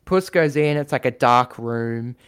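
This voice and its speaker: Guy riffing on a story idea, smooth clear voice, lots of um and like. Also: mid-range voice, unhurried, a bit bright. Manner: rambling, lots of fillers and acted quotes, swears. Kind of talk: casual brainstorming chat.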